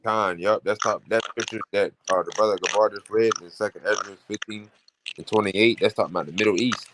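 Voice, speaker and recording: Casting a man with a low voice, short agreeing chimes as co-host, on a noisy line. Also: fairly even intonation, a little fast. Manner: brief agreeing interjections.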